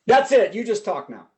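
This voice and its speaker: High-voiced joking man hosting a show. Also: heavy background noise. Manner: jokey, laughing between lines. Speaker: comedy show host. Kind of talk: casual emcee patter. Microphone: video call.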